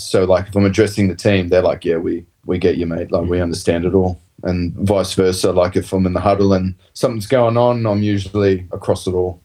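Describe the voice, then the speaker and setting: A man's voice: sits low, a little mellow. A man, talking as a rugby player guest in a casual, rambling chat full of "mate" and "like". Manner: rambling, laid-back storytelling full of "mate" and "like".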